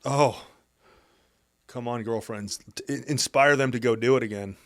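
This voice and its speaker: A man's voice: medium pitch, normal speed, no echo. Man, blunt, teasing, joking, casual podcast chat, dry close sound.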